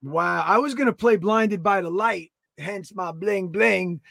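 A man in his thirties co-hosting a podcast, talking loudly in an excitable, joking and profane way. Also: high voice, unhurried, gravelly, hardly any pauses, no room sound. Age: 30s. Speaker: podcast co-host. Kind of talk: casual podcast banter.

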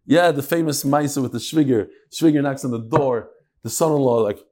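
A man's voice: medium pitch, moderate pace, husky. A man teaching a Talmud class to a live audience into a microphone, joking and acting out the people in his stories. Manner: animated, joking storyteller acting out quoted speakers. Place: lecture room with live audience.

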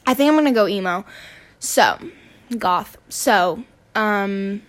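A woman's voice: mid-range voice, animated, slow. A teenage girl ranting casually on her podcast, exasperated and swearing, rambling with restarts. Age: teens. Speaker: student podcaster.

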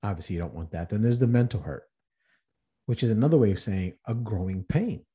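A man's voice: lowish voice, lively intonation, brisk, warm tone. A man hosting a podcast, speaking in an earnest motivational monologue with rhetorical questions and frequent restarts. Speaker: podcast host.

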